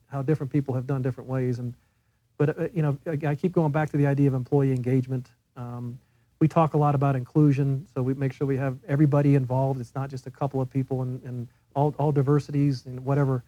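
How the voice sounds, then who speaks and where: Husky older man telling stories. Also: medium pitch, fairly even intonation, dark tone, no echo, highs cut off. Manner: halting, repeats words, acts out quotes. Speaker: panel speaker. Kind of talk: casual anecdote on a panel.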